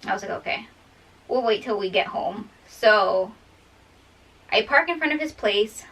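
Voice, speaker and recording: Young woman, high bright voice, rambling storytime vlog, mic a bit far off. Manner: chatty, rambling, laughs often. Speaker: vlogger. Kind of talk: casual storytime.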